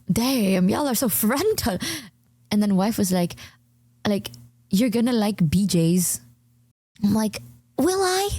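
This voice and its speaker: A young woman streamer chats casually and rambles through an animated story, her pitch leaping high in the punchlines. Her voice is mellow and dark in tone, recorded dry and close. English is not her first language. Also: no echo. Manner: rambling, animated, full of fillers, jumps high when telling stories.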